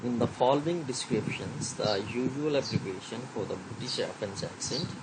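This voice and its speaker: A man giving a recorded slide lecture, reading haltingly with many fillers and switching into Hindi to explain. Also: medium pitch, lively intonation, very noisy.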